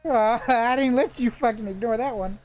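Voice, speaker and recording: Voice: mid-range voice, normal speed, darkish tone, soft background music. A game master narrating a tabletop game and bantering in a casual, profane, laughing way.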